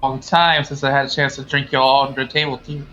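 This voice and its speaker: A man's voice: mid-range voice, little pitch movement, quick pace, pushed and bright, dull audio. A man playing a character in a tabletop game, boisterous and playful. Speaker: player.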